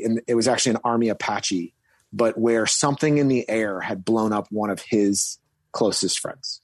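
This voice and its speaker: A man's voice: medium pitch, husky, no echo. A man telling a story from his military service, rambling with many fillers and restarts, and suddenly stressing key words. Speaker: guest recounting military service. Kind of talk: casual storytelling.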